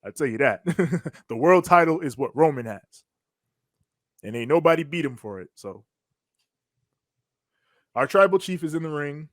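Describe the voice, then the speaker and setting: A man's voice: on the high side, a little slow, pauses often, no room sound. Slangy man recapping wrestling, dry sound. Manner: animated storytelling with slang, acting out quotes. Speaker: podcast co-host. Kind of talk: casual wrestling recap chat.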